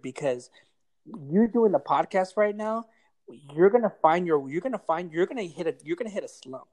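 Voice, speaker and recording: A man's voice: fairly high pitch, brisk, darkish tone. Blunt, profane man giving advice. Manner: blunt, profane, emphatic pep talk. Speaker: podcast guest giving advice. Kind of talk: casual podcast chat.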